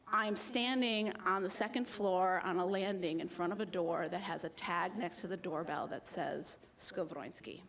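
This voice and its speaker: A young adult woman from the United States tells a personal story at a live slam in a mid-range voice. She's animated and self-mocking, performing the voices of people she met.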